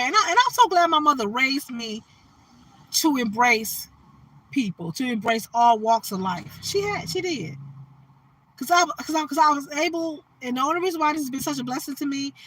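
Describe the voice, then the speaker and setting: A woman's voice: sits high, a bit bright, husky. Emphatic woman preaching on a phone live. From Detroit, Michigan. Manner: emphatic, repeats "you understand what I'm saying". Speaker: livestream host. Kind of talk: preachy livestream monologue.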